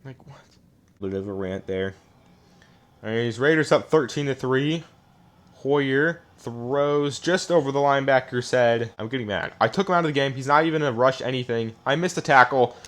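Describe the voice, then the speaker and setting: A young man talks over his football video game as he plays it, mid-pitched and casual. He complains and rants a lot, and his voice swings from low grumbling to loud outbursts. He records on a desk mic. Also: moderate pace. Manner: frustrated, ranting, swings between muttering and yelling. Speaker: gaming YouTuber. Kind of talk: live gameplay commentary. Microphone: desk microphone.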